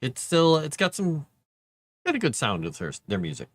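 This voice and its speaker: A man's voice: fairly high pitch, wildly swooping pitch, normal speed, dry recording. A man casually chatting on a live writing stream, trailing off mid-sentence as he works. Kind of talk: casual chat while writing.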